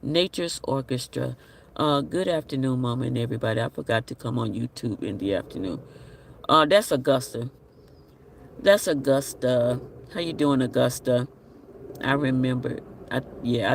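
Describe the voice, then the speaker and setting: A man's voice: mid-range voice, lively intonation, normal speed, vocal fry, far from the mic, a little hiss or hum. A man hosting a casual live stream, chatting and reading viewer comments aloud with an apologetic manner. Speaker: livestream host.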